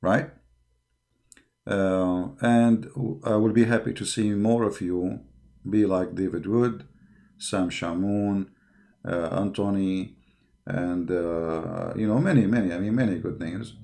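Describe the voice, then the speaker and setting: A man's voice: low-pitched, steady tone, takes it slowly, vocal fry, warm tone. A man hosting an online show, delivering a combative, impassioned monologue full of repeated words and fillers. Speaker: online apologetics show host.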